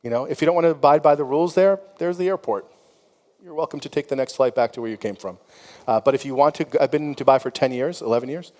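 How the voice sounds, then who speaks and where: A man's voice: mid-range voice, quick pace, darkish tone. A middle-aged man speaking on a conference panel, telling frank, conversational stories with plenty of "you know" and laughter. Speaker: company founder on a conference panel. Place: conference hall. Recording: long hall reverb.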